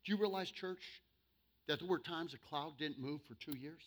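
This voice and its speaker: Bright-voiced preacher with sudden loud bursts. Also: male voice, on the high side. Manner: humorous, with sudden loud bursts and slow emphatic stretches. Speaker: pastor. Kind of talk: sermon.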